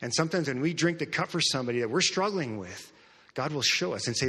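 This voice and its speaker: A man preaching a sermon and telling a story, earnest, repeating words, moving between hushed and raised passages. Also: medium pitch, lively intonation, fast talker, breathy edge, long reverb tail. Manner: earnest, repeats words, swings from soft to loud. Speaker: pastor.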